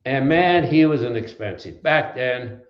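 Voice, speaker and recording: A man's voice: mid-range voice, expressive, unhurried. An older man from Wisconsin recalls his early days in a folksy, rambling way. He restarts his sentences and drifts between anecdotes. The room sounds echoey and the recording is a little dull. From Wisconsin, USA. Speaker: trucking company founder, guest. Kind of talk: storytelling in an interview.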